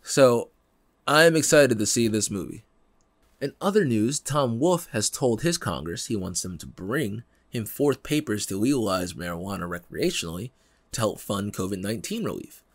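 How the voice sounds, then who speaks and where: Young man, podcast host, lively swooping voice, slangy, laughs often, dry close sound. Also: fairly low pitch, moderate pace, no room sound. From Pennsylvania, United States. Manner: animated, laughing, slangy, acts out quotes. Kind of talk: casual chat.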